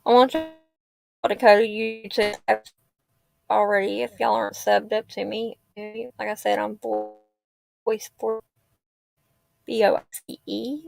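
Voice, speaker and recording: A woman's voice: medium pitch, little pitch movement, measured pace, creaky, pauses often, darkish tone, dry recording. A woman, rambling and heartfelt in a tearful casual livestream chat. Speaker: livestream host. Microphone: laptop or phone mic.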